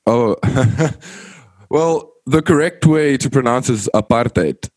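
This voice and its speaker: A man's voice: mid-range voice, slow pace, a little mellow, no room sound. A man, a guest in a casual interview, talking loosely with lots of "like" fillers. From South Africa. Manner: loose, rambling, heavy on "like" fillers.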